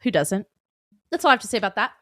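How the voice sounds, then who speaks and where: A woman co-hosts a podcast in a casual chat, wry and quick to giggle. Her pitch swoops in a lively way. The sound is close and dry. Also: no room sound. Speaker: podcast co-host.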